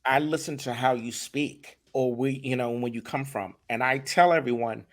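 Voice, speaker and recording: A man talking as a guest in a casual podcast interview, animated and emphatic, often repeating his words. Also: medium pitch, moderate pace. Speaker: voice acting director, guest.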